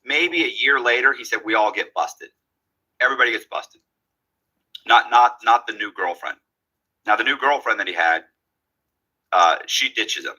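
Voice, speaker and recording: Man, husky voice, very bright tone, casual storytelling, acts out dialogue. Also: mid-range voice, moderate pace, long pauses, poor audio. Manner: animated, acts out quoted dialogue.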